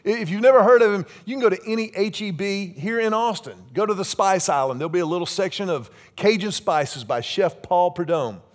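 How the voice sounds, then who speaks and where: A man in his fifties preaching a sermon, with lively, humorous storytelling. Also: high-pitched, fairly quick, hardly any pauses. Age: 50s. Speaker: pastor.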